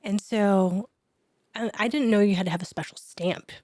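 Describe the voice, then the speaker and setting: A woman chiropractor, a guest on a podcast, telling a personal story in an animated way and dropping to a whisper for her remembered thoughts. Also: medium pitch, moderate pace, dry recording. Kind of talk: storytelling in an interview.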